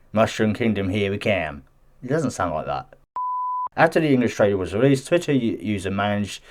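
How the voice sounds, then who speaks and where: A man with a fairly low voice talks through gaming news in a loose, chatty way. He reads an article aloud, breaking off for defensive asides and often tripping over his words. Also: a little mellow. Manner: chatty and defensive, stumbles and restarts while reading. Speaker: gaming news channel host. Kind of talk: casual commentary mixed with reading news aloud.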